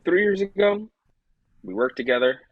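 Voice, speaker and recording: A man reading an intense middle-aged man in a bad suit, speaking flatly, for a play reading. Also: sits high, moderate pace. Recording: dull, dry home mic.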